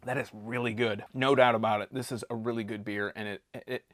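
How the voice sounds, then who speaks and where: A man's voice: on the low side, steady tone, fairly quick, a bit bright, no room sound, studio quality. A man reviewing a beer in a casual vlog, chatty and jokey, rambling with frequent restarts.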